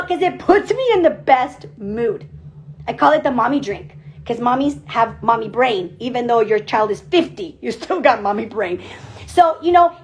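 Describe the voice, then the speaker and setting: A woman team leader giving an energetic motivational pep talk on a group call, emphatic and repeating her phrases. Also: high voice. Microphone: call audio.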